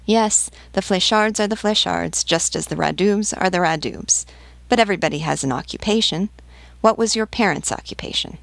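A woman doing a gruff army sergeant. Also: mid-range voice, normal speed, no echo, pitched above the performer's own voice, natural voice. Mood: pressing. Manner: brusque, pressing questions. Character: gruff male army sergeant, blunt questioner.

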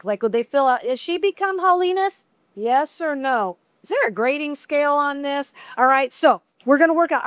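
A middle-aged woman teaching a women's Bible study in a chatty, conversational way with animated asides. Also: high-pitched, dry recording.

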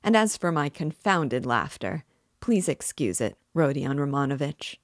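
A woman's voice: deep voice, very animated, unhurried, no echo, clean studio sound, heavily acted. A woman voicing a sly, fussy, jovial middle-aged male police investigator in an audiobook reading. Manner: fussy, cajoling, laughing.

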